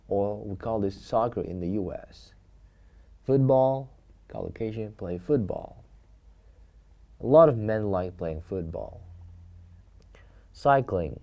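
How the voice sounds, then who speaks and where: A man teaching an English video lesson, who says new words slowly and repeats each one twice so learners can copy it. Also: fairly low pitch, mellow. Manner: slow, repeats each word for pronunciation practice. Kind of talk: video lesson, vocabulary drill. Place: studio recording.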